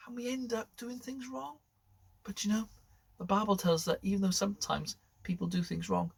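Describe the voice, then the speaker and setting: A man presenting a school assembly, telling a story to children in an animated way that drops to whispers. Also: sits high, normal speed, vocal fry.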